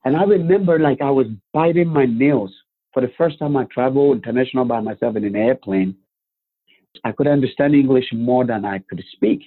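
A man telling his life story as a guest, animated, with rhetorical questions and acted-out quotes. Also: medium pitch, a little fast. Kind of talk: personal storytelling. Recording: phone-like narrow band.

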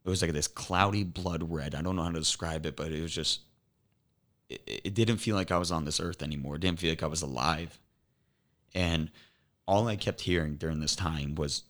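A young man, a podcast guest, earnestly retelling a near-death experience, halting and restarting often. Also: extremely low pitch, a bit bright. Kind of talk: emotional personal storytelling.

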